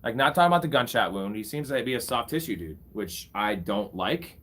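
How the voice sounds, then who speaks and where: A man's voice: mid-range voice, expressive, fairly quick, a bit bright. A young man casually commentating a live fantasy football draft, bantering with his chat and swearing freely. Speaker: fantasy football streamer host.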